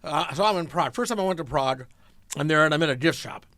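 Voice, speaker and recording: A man's voice: a little high, animated, quick pace, pushed and bright, no echo. A man hosting a casual interview, telling chatty personal anecdotes. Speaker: interview host.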